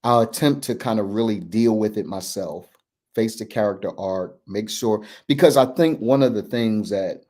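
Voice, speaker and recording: A man's voice: fairly low pitch, moderate pace, mellow. A man speaks as a coach hosting a candid talk show. He is earnest and reflective, restarting his sentences and checking in with his listeners. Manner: earnest, reflective, many restarts and emphatic "right?". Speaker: men's coach and podcast host.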